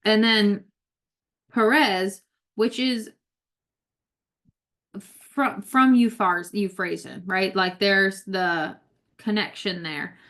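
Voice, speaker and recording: A woman's voice: mid-range voice, fairly bright tone. Woman teaching a casual Bible study. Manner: conversational, keeps asking "right?", reads scripture aloud slowly with emphasis.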